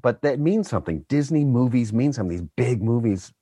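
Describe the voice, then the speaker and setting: A man's voice: mid-range voice, expressive, brisk, warm tone, breathy edge, dry recording. A man talking as a voice actor guest in casual chat, self-deprecating and laughing often.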